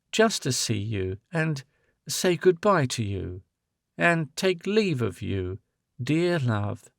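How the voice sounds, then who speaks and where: A man's voice: fairly high pitch, vocal fry, no room sound, clean studio sound, full character voice. A man reading as a tender, resolute woman.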